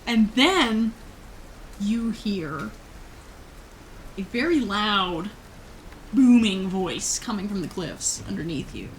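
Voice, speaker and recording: A woman runs a tabletop game as game master, narrating scenes in a relaxed, laid-back way. She talks slowly and fills her pauses with "um" and "like". A faint hiss sits behind her voice. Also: medium pitch, poor audio. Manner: relaxed, laughing, many fillers.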